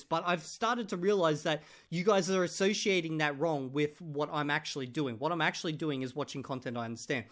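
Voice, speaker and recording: A man's voice: a little high, a little fast, hardly any pauses, fairly bright tone. Chatty upbeat male vlogger. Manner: chatty, jokey, addresses viewers as guys. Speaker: language-learning vlogger. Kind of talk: casual talk to camera.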